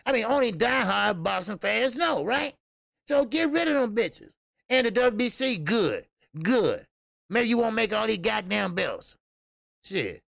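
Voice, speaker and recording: A man with a heavily gravelly voice and a somewhat high pitch, hosting a casual boxing livestream. He talks bluntly and profanely, laughs often, and rambles with plenty of fillers. The sound is dry and close. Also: very animated, a little slow, a bit bright, dry recording. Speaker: boxing channel host. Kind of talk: casual livestream commentary reading chat.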